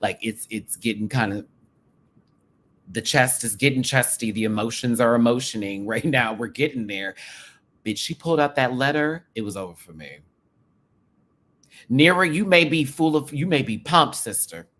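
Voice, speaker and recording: A man with a sassy, animated way of talking, commenting casually to camera on a reality show. He uses drag slang and jumps from loud bursts to hushed asides. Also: medium pitch, moderate pace. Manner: drag slang, calls viewers sister and baby. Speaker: drag race show reviewer, channel host.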